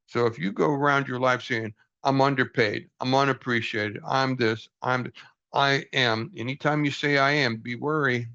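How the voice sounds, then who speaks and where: Gravelly older man, earnest and folksy. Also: medium pitch, fairly even intonation, moderate pace, sharp tone. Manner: earnest, self-deprecating, folksy. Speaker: book study host. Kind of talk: reading aloud and reflecting. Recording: dull lo-fi recording.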